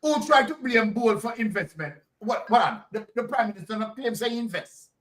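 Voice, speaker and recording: A man's voice: high-pitched, lively intonation, normal speed, a bit bright, distant mic, poor audio. Fiery Jamaican male commentary host. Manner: fiery, rhetorical questions, Jamaican patois. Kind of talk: heated commentary.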